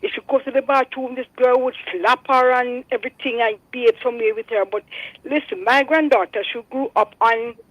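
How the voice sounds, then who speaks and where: A woman's voice: on the high side, steady tone, brisk, fairly bright tone, dry recording. Older Jamaican grandmother calling in by phone. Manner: earnest, preachy, repeats herself. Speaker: radio caller. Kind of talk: phone-in testimony. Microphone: telephone. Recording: phone line.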